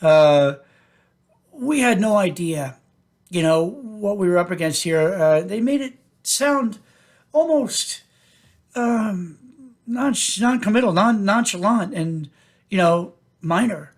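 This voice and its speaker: A man hosting his own podcast, telling a personal story in a halting way with many fillers and restarts. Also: high-pitched, lively intonation. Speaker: podcast host.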